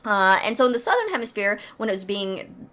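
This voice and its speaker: A woman's voice: mid-range voice, very animated, fairly quick, a bit bright. Rambling, jokey woman co-host. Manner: rambling, jokey, many fillers and restarts. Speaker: podcast co-host. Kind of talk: casual chat about astronomy.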